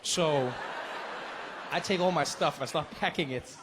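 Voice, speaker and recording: A middle-aged man doing stand-up, telling a story with lively energy and punchy timing. His voice sits fairly high for a man. A long hall reverb and faint ambience surround him. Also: moderate pace, noisy background. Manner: animated, laughing through punchlines. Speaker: stand-up comedian. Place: stage in a large venue.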